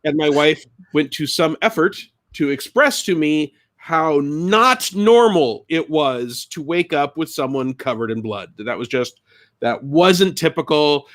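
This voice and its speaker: Animated middle-aged male storyteller. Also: moderate pace. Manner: animated storyteller, acts out screams in a high voice. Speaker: co-host and game designer. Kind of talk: casual storytelling on a live stream.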